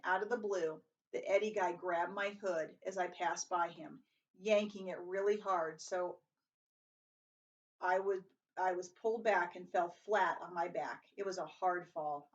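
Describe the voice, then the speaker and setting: A woman's voice: fairly even intonation, a little slow. A woman reading a novel aloud, lifting her voice for the dialogue, with some slips and restarts. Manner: reads dialogue with raised pitch and volume, some slips and restarts. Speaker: reader. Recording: distant, dull lo-fi home recording.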